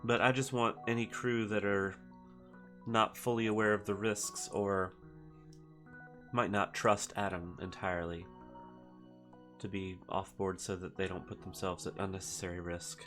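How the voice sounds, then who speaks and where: Low-voiced man giving calm orders. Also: a little slow, soft background music. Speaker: player. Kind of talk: in-character tabletop play.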